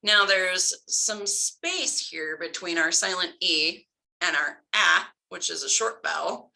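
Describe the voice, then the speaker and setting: A woman's voice: on the low side, lively intonation, takes it slowly, gravelly, bright, forceful tone, low-quality recording. A woman explaining phonics patiently, step by step, with examples for tutors. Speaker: tutor trainer. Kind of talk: instructional talk.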